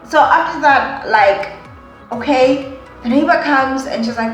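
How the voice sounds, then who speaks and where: A young woman tells an emotional story to her viewers in a dramatic, unhurried way. Her voice swings from hushed to loud. The room is echoey and faint music plays behind her. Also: sits high. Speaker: vlogger.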